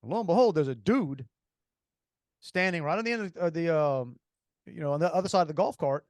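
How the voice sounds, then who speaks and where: A man with a Cajun accent tells a long story on a podcast in a fairly high voice. He talks in an animated, rambling way, full of restarts. The sound is close and dry. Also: a little fast, no room sound. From Louisiana. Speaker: podcast co-host. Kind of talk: casual storytelling.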